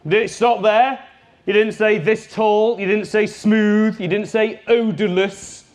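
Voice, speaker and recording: A man giving a live workshop talk as a business trainer, lively and jokey, speaking straight to his audience. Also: sits high, a little slow.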